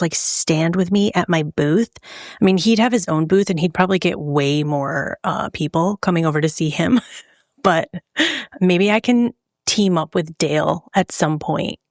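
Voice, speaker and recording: A woman's voice: fairly low pitch, dry recording, clean studio sound. A woman hosting a true crime podcast, talking casually and joking, with frequent laughs. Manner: chatty and joking, laughs often.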